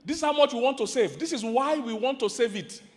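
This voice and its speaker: A Nigerian-accented man sermonizes about marriage before a crowd in a big hall, and his voice rings with long reverb. His pitch sits high, and he snaps from loud emphatic lines to quiet asides while throwing questions at the listeners. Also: brisk. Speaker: marriage preacher. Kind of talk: sermon to a live audience. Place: large hall with an audience. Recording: hall reverb from a large venue.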